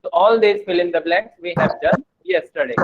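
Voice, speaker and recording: A male teacher with an Indian accent giving an online English lesson to children, speaking slowly and repeating words for the class. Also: high voice, sing-song, gravelly. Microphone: video call. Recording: tinny phone-like online call audio.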